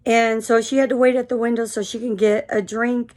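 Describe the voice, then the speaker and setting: Tired woman in her 50s rambling through a story, lots of ums, voice a bit on the high side. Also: flat delivery, brisk, a little mellow. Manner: frank and rambling, full of fillers. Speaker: vlogger. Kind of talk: casual storytelling monologue.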